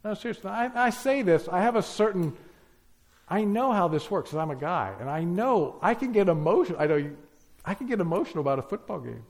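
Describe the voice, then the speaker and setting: Guy preaching a sermon, kinda high voice, punchy lists and questions. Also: expressive, fairly quick. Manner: emphatic, repetitive lists, rhetorical questions.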